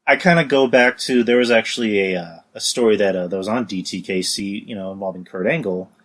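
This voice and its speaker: A man hosting a podcast, talking casually in a halting way with stumbling starts and many "you know"s. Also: lowish voice. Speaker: podcast host. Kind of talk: casual conversation.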